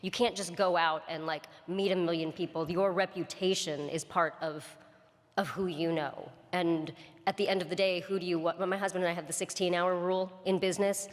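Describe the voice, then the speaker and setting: A woman's voice: fairly low pitch, fairly even intonation, brisk. A woman voice actor on a convention panel, direct and emphatic, laying out her points one by one. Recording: long convention hall reverb.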